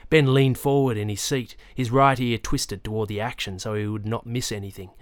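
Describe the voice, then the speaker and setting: A man reading a novel aloud in a measured, even storytelling manner. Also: medium pitch, smooth, no room sound, clean studio sound. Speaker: audiobook narrator. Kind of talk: scripted narration.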